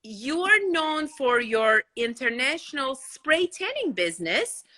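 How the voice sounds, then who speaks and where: A woman hosting a casual livestream chat from her couch, telling stories in an animated, bubbly way. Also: sits high, a little slow. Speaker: host. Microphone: phone.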